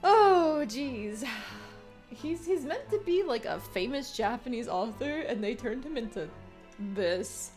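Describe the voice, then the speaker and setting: A woman streamer drops wry, sarcastic asides between lines of game dialogue. Her voice is high and lively. Game music plays clearly behind her. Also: takes it slowly. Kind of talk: casual game commentary.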